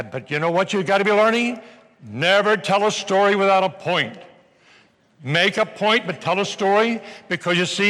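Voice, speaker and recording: An older man with a voice that sits high gives an energetic, joking motivational seminar to a live audience in a large hall. As a motivational speaker, he tells stories and bursts into shouts along the way.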